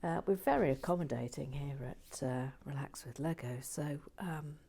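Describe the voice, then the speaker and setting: A woman hosting a brick-building channel, reading out viewer messages in a playful, sassy, theatrical way with hushed asides. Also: sits low, normal speed, creaky, a little hiss or hum.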